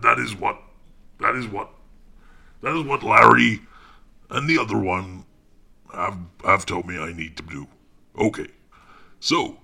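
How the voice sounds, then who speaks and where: A man's voice: low voice, creaky, sharp tone, breathy edge, heavily acted. An actor playing a pompous, self-important male writer who rambles and talks down to people while recording his audiobook. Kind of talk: comic monologue.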